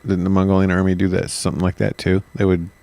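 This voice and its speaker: A man's voice: low-pitched, monotone, quick pace, vocal fry, warm tone. A man co-hosting a history podcast, chiming in with blunt, swearing reactions and questions. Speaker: podcast co-host. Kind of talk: casual podcast chat.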